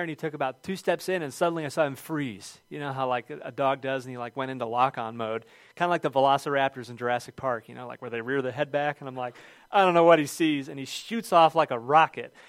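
Guy pastor doing a sermon, middle-aged, tells stories all excited, dry close mic. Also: mid-range voice, no room sound. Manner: storytelling, animated with shouted quotes.

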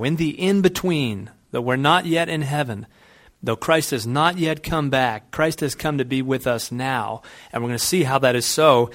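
A man's voice: mid-range voice, fairly bright tone. A man preaching a Christmas sermon in a conversational way, mixing scripture with everyday anecdotes. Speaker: pastor.

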